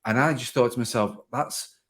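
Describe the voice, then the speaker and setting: A man's voice: medium pitch, moderate pace, fairly bright tone. A man hosting a podcast, talking casually in long rambling sentences full of "like" and restarts. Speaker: podcast host. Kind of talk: casual conversation. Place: home garden office.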